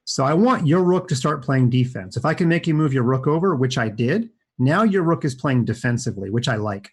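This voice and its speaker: A man's voice: mid-range voice, animated, fairly quick, slightly rough. A man commentating his own chess games live for kids, chatty and upbeat, thinking aloud as he plays. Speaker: chess coach and streamer.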